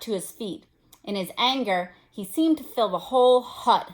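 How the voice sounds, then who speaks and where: A woman teacher reading a novel aloud to students, expressive and stopping now and then to explain. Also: fairly high pitch. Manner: expressive, pauses to explain to listeners.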